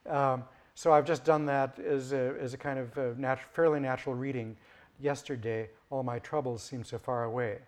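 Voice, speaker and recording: A male lecturer talking through an academic point at a middle pitch. He stops and restarts often and fills the gaps with ums and uhs. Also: steady tone, darkish tone. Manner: halting, many fillers and restarts.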